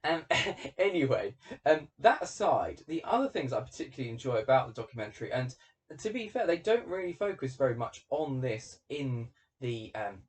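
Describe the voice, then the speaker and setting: A man hosting a relaxed commentary, chatty and animated with plenty of asides. His voice sits at middling pitch and sounds a little distant from the mic. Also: normal speed. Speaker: host. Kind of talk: casual commentary.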